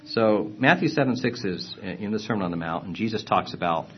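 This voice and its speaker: A man teaching a lesson on Bible translations, explaining earnestly, clearing his throat and restarting phrases. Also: lowish voice, expressive, fairly quick, lo-fi sound.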